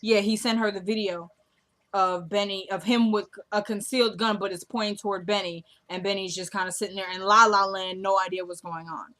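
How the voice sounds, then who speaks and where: A woman vlogger casually recapping a TV drama episode in a slangy, animated storytelling way. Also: medium pitch.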